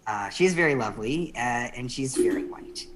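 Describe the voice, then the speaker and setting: A woman born in the Philippines performing a virtual stand-up set over a video call, rambling and giggling mid-sentence and dropping into soft, quiet asides. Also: rumbling low, animated, moderate pace, background noise. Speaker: stand-up comedian.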